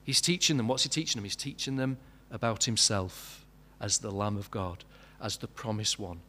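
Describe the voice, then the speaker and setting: A man's voice: fairly low pitch, normal speed, bright, forceful tone. A man preaching a sermon, asking many questions and building to emphatic peaks.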